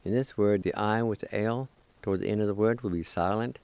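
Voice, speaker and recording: A man's voice: on the low side, a little fast, a little mellow, smooth, dry recording. A man teaching a recorded pronunciation lesson, spelling and sounding out words syllable by syllable, with a few encouraging words. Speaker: language teacher.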